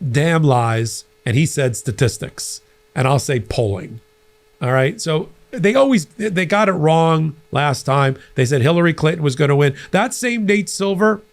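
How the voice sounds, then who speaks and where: A middle-aged man hosting a political commentary show, talking in an animated, conversational way with frequent restarts. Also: fairly high pitch, vocal fry. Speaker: host.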